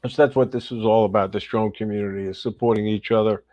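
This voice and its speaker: A man with a lowish voice talks at a quick pace while hosting a casual livestream, upbeat and chatty. He greets viewers one by one by name in a lively, rising voice. The sound is dry with no echo, dull and slightly lo-fi.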